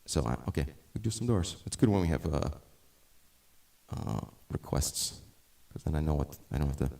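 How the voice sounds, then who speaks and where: A middle-aged man with a very low voice talks casually between songs on a live stream. He rambles, restarts his sentences and drifts off on tangents. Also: animated, moderate pace, vocal fry, mellow. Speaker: musician and live-stream host.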